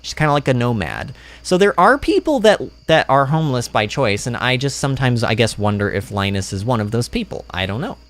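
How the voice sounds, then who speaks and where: A man rambles through game commentary on a livestream, often poking fun at himself. His pitch jumps around constantly. He speaks into a streaming microphone. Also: brisk, hardly any pauses. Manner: rambling, animated and self-deprecating.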